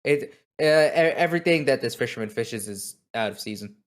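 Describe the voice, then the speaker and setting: A man's voice: mid-range voice, expressive. Joking male tabletop game player. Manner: quick, joking, stammers on starts. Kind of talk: casual tabletop game chat.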